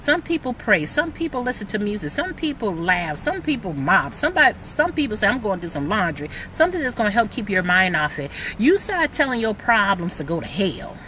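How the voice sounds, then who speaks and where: Bright-voiced excitable motivational woman. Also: mid-range voice, brisk, hardly any pauses, slight background noise. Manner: excitable, emphatic, preachy, lots of "like". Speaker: motivational vlogger. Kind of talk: motivational talk to camera.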